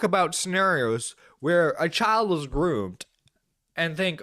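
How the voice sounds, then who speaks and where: A man's voice: a little high, big pitch swings, slow pace, bright, forceful tone, no room sound, clean studio sound. Heated, swearing man ranting on a stream. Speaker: streamer reacting to a video. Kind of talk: angry reaction commentary. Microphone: desk microphone.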